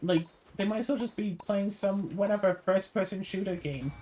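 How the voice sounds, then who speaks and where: A woman's voice: medium pitch, moderate pace, a little hiss or hum. A tired woman streaming a video game, ranting in a casual, sarcastic way. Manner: animated, sarcastic, mocking put-on voices. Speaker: gaming streamer. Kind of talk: casual ranting over gameplay.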